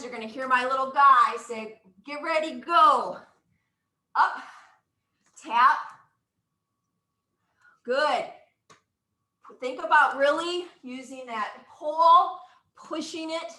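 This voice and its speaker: A woman's voice: high voice, sharp tone, reverberant, poor audio. A woman leading a live exercise class, upbeat and encouraging, counting out moves with whoops and getting out of breath. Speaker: exercise instructor.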